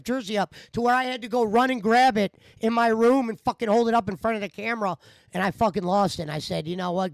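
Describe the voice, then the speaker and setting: A man's voice: high voice, creaky, no echo. A man talking on his livestream, venting about getting angry at a commenter. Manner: aggrieved, venting. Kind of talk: casual livestream talk.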